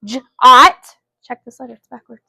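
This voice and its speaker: Teaching phonics to a class of young students, this woman speaks loudly and energetically and calls on the children by name. She has a high voice and keeps a measured pace, and there's no room sound.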